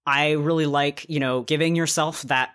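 A novelist in casual podcast conversation, young adult, middle-of-the-range pitch. They talk candidly and keep laughing at their own stories with self-mocking asides. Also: fairly even intonation, moderate pace, a bit bright, smooth.

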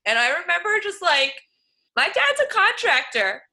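A woman's voice: very high-pitched, big pitch swings, moderate pace, bright, forceful tone. A woman from the New York City suburbs hosting a casual conversation, talking in an earnest, sympathetic way. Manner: earnest, sympathetic, grows indignant. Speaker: podcast host.

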